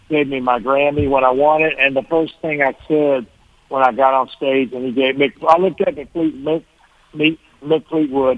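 A man's voice: medium pitch, no echo. A man, a guest musician, telling rambling stories in a casual interview, often restarting and chuckling. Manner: rambling, self-correcting, chuckling. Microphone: phone. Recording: tinny phone line.

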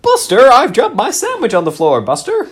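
A shrill fussy nag, as a man puts her on, high-pitched and scolding with loud, stretched-out words. It is a comic improvised voice. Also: huge pitch swings, exaggerated voice. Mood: nagging. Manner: scolding, drawn-out.

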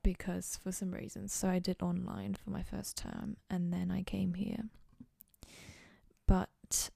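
This young adult podcast host speaks in a low, creaky, warm voice, monotone and at a measured pace. She rambles casually and goofily about herself from her dorm room, and the studio-quality recording has no echo.

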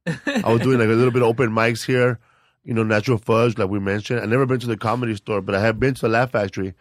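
A male podcast host in casual chat, relaxed and curious, reminiscing about comedy clubs. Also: mid-range voice, quick pace, no echo, clean studio sound.

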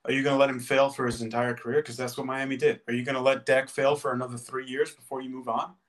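A man's voice: medium pitch, flat delivery, quick pace. A man co-hosting a podcast, making his case in a casual sports debate with passion and emphasis. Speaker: podcast co-host.

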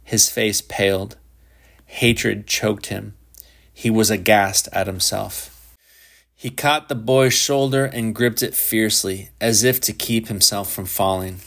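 A man reads literary fiction aloud in a low, measured voice. His storytelling is even and steady, steering clear of theatrics. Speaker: audiobook narrator. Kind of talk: literary audiobook narration.

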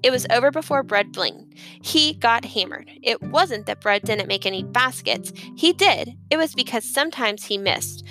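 Heldere, vrij hoge vertelster. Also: female voice, a little high, animated, moderate pace, pushed and bright, soft background music, rough recording. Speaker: audiobook narrator. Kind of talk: scripted storybook narration.

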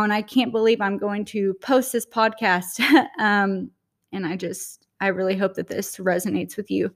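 Earnest woman hosting a spiritual podcast. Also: medium pitch. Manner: earnest, heartfelt and reflective. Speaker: podcast host.

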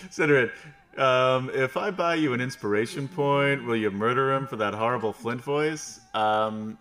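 A young man running a tabletop game as game master, talking quickly and joking with laughs. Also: mid-range voice, a bit bright.

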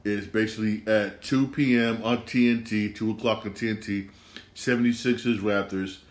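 A man with a fairly low voice talks through the week's games on his own show. He rambles, circles back to the same point and slides into rants. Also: fairly even intonation, normal speed. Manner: rambling, repeats himself, rants. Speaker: sports podcast host. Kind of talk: casual solo sports talk.

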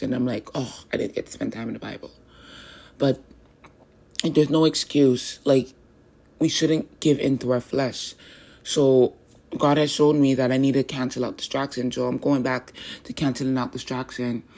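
A woman's voice: rumbling low, darkish tone. Chatty earnest woman sharing her faith. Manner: earnest, chatty, with quick asides and colloquial speech. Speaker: podcast host. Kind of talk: casual devotional podcast talk.

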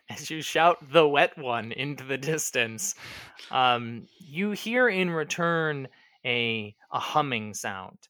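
A man narrating a tabletop game as its game master, painting scenes in a bright, crisp voice. He talks things out patiently, with plenty of ums and little pauses, and the sound is close and dry. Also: medium pitch, lively intonation, dry recording. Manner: descriptive, unhurried with frequent ums.

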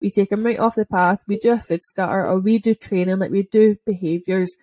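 A woman's voice: medium pitch, steady tone, a little fast, mellow. A woman telling a dog-walking story in a casual podcast chat, chatty and full of "like" fillers. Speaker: dog owner and podcast speaker.

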